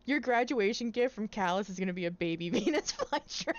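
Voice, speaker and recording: A giggly young woman trading jokes in a casual tabletop session. Her pitch swings widely, and the recording sounds dull and lo-fi. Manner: giggly, quick to joke. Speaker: player and co-host. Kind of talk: casual tabletop game chat. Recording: dull lo-fi audio.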